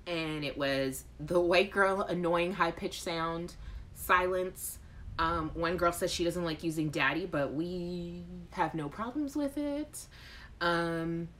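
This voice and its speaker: A woman's voice: fairly low pitch, a bit bright. A woman hosting a live chat show, talking casually and joking with viewers, reading their comments and answering with playful, exaggerated outrage. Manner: addresses chat viewers by name. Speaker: host.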